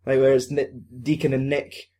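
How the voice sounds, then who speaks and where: A young man in casual chat, rambling through a film story with plenty of swearing and laughter. His pitch sits at a mid, everyday level, and the talk is loose and unscripted. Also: level tone, normal speed, dark tone, a little hiss or hum.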